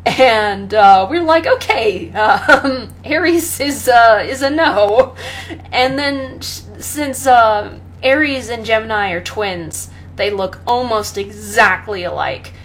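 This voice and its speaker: A young woman chatting casually about her pets, rambling with many pauses and fillers and often breaking into laughter. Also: a little high, slight background noise. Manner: rambling, full of ums and laughs, talks to her cat. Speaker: pet owner vlogger. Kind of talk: casual chat.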